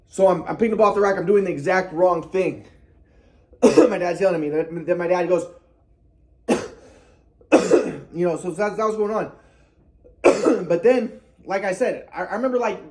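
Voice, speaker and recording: A man's voice: high-pitched, darkish tone. A man telling a personal story in a casual monologue, rambling, repeating himself and cursing.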